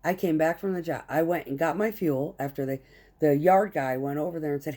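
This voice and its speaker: A woman's voice: low voice, fairly quick, mellow. A woman truck driver telling a heated, profane story about a work conflict in short clipped phrases. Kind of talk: casual storytelling rant.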